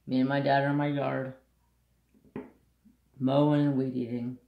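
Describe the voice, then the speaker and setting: A man's voice: mid-range voice, little pitch movement, unhurried, gravelly, echoey room, muffled recording. A man hosting a craft channel, telling a country story bluntly and saltily in casual chat. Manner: blunt, salty rural storyteller.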